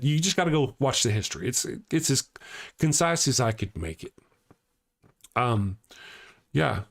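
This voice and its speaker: A man's voice: mid-range voice, creaky. A man hosting a live-streamed talk show, ranting heatedly and answering chat comments aloud from home.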